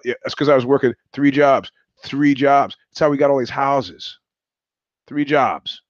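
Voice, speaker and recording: A man's voice: medium pitch, normal speed, dry recording, lo-fi sound. A middle-aged man from New York hosting a live-streamed show, telling stories in a blunt, profane, sardonic monologue. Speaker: host.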